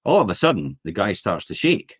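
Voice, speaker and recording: A man hosts a casual podcast chat, slipping into voices as he tells stories. His voice is slightly husky and moves a lot in pitch. The audio is dull and lo-fi. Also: brisk. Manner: animated storyteller acting out voices in anecdotes. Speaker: podcast host.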